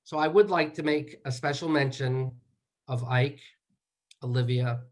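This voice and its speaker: A man giving measured remarks as a son at a memorial, moving through slow, deliberate lists. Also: mid-range voice, fairly even intonation. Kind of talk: eulogy remarks.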